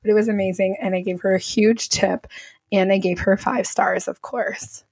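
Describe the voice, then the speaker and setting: A woman's voice: mid-range voice, little pitch movement, moderate pace, vocal fry, a little mellow, slightly rough, dry recording. A young woman, co-hosting a casual podcast and telling stories in a bubbly, gushing way. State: tearful, crying. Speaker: podcast co-host.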